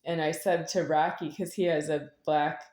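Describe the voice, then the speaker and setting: Middle-aged woman, very low voice, rambling and repetitive delivery, echoey room. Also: level tone, normal speed, darkish tone. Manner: meandering, repetitive, with sudden laughs. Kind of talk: rambling spoken monologue.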